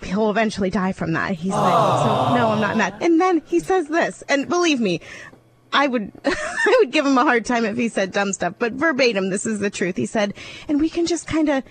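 A woman's voice: a little high, very animated, crowd noise. Tearful, chatty woman radio co-host. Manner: emotional, tearful, quick storytelling. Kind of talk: casual radio chat.

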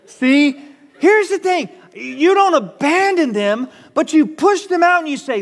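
A man's voice: very high-pitched, animated, slow pace, big-room sound. A male pastor preaching a sermon in an emphatic, conversational way.

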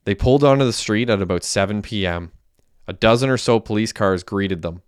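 A man narrating a crime audiobook in a steady, plain storytelling manner. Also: on the low side, fairly quick, smooth, no echo, clean studio sound.

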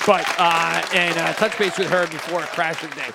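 A man co-hosting a casual podcast chat at home, animated and laughing often as he talks. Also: fairly high pitch, normal speed, vocal fry, over a noisy crowd, very noisy. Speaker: podcast co-host.

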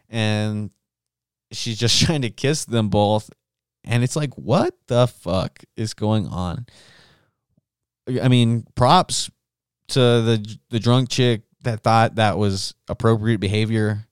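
A man's voice: on the low side, slow pace, clean tone, dry recording, studio quality. Profane, rambling male podcast host. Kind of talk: casual solo podcast monologue.

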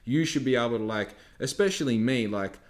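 A man's voice: medium pitch, brisk. A young man in his twenties who works a coffee van, talking in a casual monologue rant. He is cheeky and swears a lot, with heated outbursts. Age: 20s. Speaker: coffee van worker vlogging.

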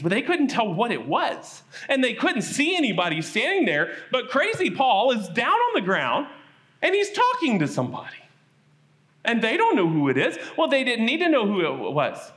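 A man telling a Bible story at a children's church service, animated and asking the kids questions. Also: extremely high pitch.

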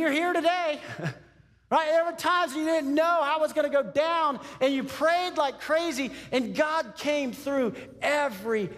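A man from Texas preaching a sermon in an animated, conversational style, with frequent asides to the congregation. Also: high voice, big-room sound. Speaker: pastor.

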